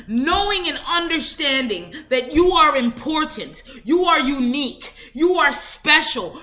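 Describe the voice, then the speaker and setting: A woman delivers an emphatic motivational speech in a bright, high voice that swings widely in pitch. She repeats affirmations at a slow, deliberate pace. The recording sounds dull and lo-fi. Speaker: motivational speaker.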